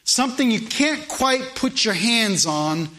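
A man's voice: extremely high pitch, lively intonation, a little slow, pushed and bright. A male preacher delivering a morning sermon, emphatic and repeating phrases for weight.

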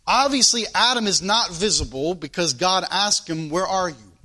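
Earnest high-voiced preacher man. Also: expressive, moderate pace, hardly any pauses, bright, forceful tone. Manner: earnest, questioning, repeats phrases. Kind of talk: sermon.

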